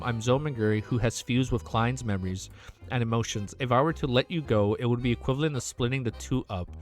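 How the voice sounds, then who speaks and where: A man's voice: medium pitch, a bit bright. A man hosting his channel, reading a web novel aloud and breaking off to react with swearing and emotional outbursts, stumbling over lines. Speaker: channel host.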